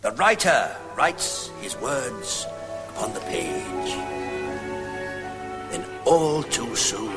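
An actor playing a genial, theatrical Victorian novelist in a scripted comedy sketch. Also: male voice, mid-range voice, very animated, very slow, pauses often, over loud music, exaggerated voice. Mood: jovial. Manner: grand, theatrical delivery with lilting rises. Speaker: sketch character.

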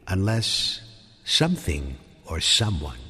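A man narrating a spooky story in a theatrical style that swells toward shouting at the climax. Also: sits low, sing-song, slow pace. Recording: reverberant hall with music beneath.

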